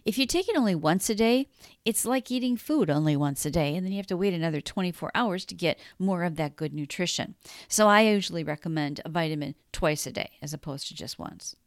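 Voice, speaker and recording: A middle-aged woman hosting a wellness podcast, guiding breathing in a calm, soothing, encouraging way. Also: fairly low pitch, fairly quick, no room sound, clean studio sound. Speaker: wellness coach and podcast host. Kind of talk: podcast monologue with guided breathing.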